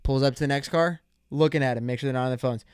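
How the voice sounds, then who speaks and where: Profane rambling bro podcast host. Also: male voice, mid-range voice, very fast, a little mellow, clear, resonant tone, no echo, clean studio sound. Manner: profane, rambling, bro slang, acts out quotes. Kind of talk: casual solo podcast rant.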